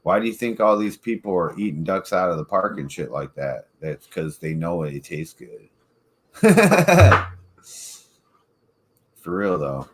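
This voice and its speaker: A man's voice: deep voice, moderate pace, few pauses, a little hiss or hum. A man hosting a casual chat, rambling, swearing freely and laughing often. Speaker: podcast host.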